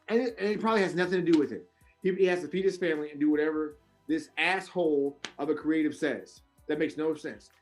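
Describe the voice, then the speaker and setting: A man co-hosting a casual wrestling podcast, ranting in an animated, profane way, swinging from loud high outbursts to low mutters. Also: fast, faint music behind. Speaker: podcast co-host.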